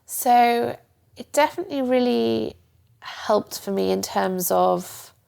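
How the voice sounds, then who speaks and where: A woman's voice: a little high, slow pace, creaky, darkish tone. A young woman, a guest, candidly telling her own story in a reflective, open way. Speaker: guest, journalist and coach. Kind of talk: candid personal interview.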